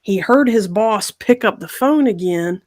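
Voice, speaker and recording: A woman podcast host in casual storytelling, animated and acting out the voices of the people she describes. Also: mid-range voice, measured pace.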